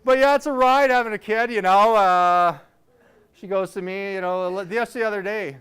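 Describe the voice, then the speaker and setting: A man's voice: sits high, normal speed, a bit bright, clear, resonant tone. A man in his thirties doing a stand-up set, telling loose, rambling stories with self-mocking asides. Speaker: stand-up comedian.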